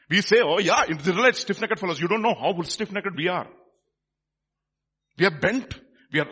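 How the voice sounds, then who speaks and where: Animated male preacher, husky and bright. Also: high-pitched. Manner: animated, swinging between loud emphasis and hushed asides. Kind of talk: sermon.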